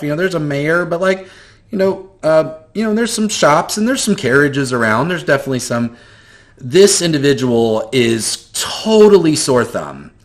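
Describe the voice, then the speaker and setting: Male game master, easygoing descriptive narration. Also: mid-range voice. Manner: relaxed, descriptive, many fillers.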